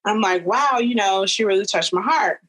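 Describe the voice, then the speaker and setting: Woman, 30s, husky, animated storyteller, casual podcast chat. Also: normal speed, rough recording. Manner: animated storyteller, leaps high for quoted voices. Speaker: podcast guest.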